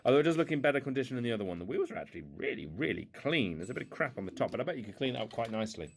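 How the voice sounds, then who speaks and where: A man's voice: mid-range voice, sing-song, rapid-fire, gravelly. Guy unboxing toy cars at home, rambly and jokey, voice jumps up and down a lot. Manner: rambling, self-mocking, playful silly voices. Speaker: toy car collector unboxing. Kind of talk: casual unboxing commentary. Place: indoors at home.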